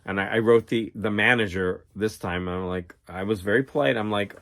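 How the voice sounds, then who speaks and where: A man's voice: fairly low pitch, a little fast, few pauses, a bit bright. A man hosting his own channel, telling a long exasperated story in a casual, rambling rant with many restarts. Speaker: channel host. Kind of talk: casual ranting vlog.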